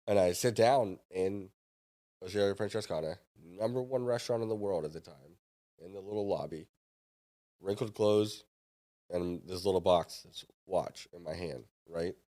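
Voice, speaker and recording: A man in his younger adult years tells a story with plenty of drive, acting out the voices of people in it. His voice sits a little on the low side. He talks like a guest on a relaxed podcast. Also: moderate pace. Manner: lively anecdote-telling, acts out others' lines. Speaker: podcast guest, startup founder and former chef. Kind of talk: animated storytelling.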